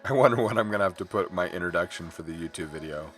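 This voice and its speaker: A man's voice: sits low, fast, a bit bright, faint music behind. A middle-aged man chatting casually and candidly while drawing on stream, rambling from topic to topic and apologizing for his swearing.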